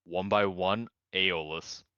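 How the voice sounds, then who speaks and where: A man's voice: low-pitched, fairly even intonation, slow pace, bright, forceful tone, clean tone, no room sound, lo-fi sound. A man chatting loosely on a stream, joking and full of fillers. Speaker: co-player on a stream. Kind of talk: casual stream chat.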